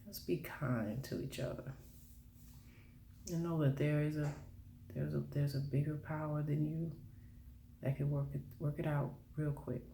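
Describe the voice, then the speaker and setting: A vlogger speaking earnestly and encouragingly, in a soft, halting way with many pauses. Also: mid-range voice, steady tone, vocal fry, a little hiss or hum. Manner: earnest, encouraging, faith-based; soft-spoken, halting with fillers. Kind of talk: earnest motivational monologue. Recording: roomy echo.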